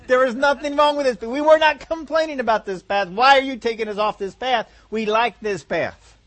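A preacher voicing a whiny, stubborn, lazy human body that complains about leaving the couch, in a raised, pleading tone. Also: male voice, moderate pace. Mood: whining. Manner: pleading, complaining, higher and louder than his own voice.

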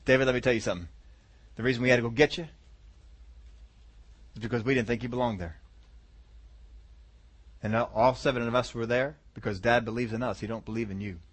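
A man's voice: medium pitch, a little fast, long pauses, voice pushed down, close to an everyday voice. A man voicing a scornful older brother who dismisses his younger sibling.

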